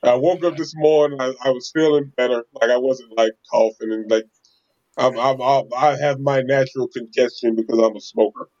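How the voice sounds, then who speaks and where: A man, a podcast co-host, tells a story in casual chat, animated and laughing often, acting out quotes. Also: mid-range voice, normal speed. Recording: slightly dull lo-fi sound.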